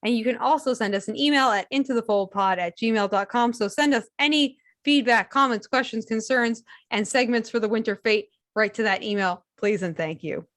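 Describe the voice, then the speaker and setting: A woman's voice: on the high side, moderate pace, hardly any pauses, fairly bright tone, dry recording, clean studio sound. A woman co-hosting a podcast over a video call, chatting in a playful, rambling way. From Cape Cod, Massachusetts. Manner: chatty, playful, self-interrupting. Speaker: podcast co-host. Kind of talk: casual podcast chat.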